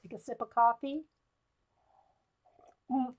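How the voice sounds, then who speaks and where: A woman's voice: on the high side, steady tone, slow pace. A woman hosting a live coloring tutorial, chatting casually, laughing often and answering viewers by name. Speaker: coloring tutorial livestream host.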